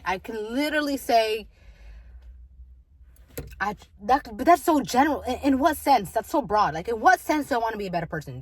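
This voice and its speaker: A woman's voice: mid-range voice, no room sound, rough recording. A young woman talking candidly in a casual vlog, rambling with many fillers and restarts. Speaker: vlogger.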